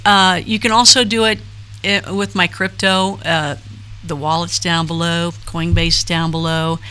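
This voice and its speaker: A woman's voice: lowish voice, bright, forceful tone. A middle-aged woman hosting a casual live stream, chatting loosely and reading out names from the chat with lots of fillers. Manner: chatty, rambling, reads chat names aloud with frequent fillers.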